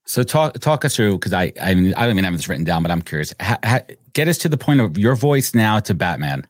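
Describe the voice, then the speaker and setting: A man's voice: fairly low pitch, very animated, fast, no room sound, clean studio sound. A man hosting a podcast, asking eager questions and stammering on his starts. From United States. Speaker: podcast host. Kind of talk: casual interview chat.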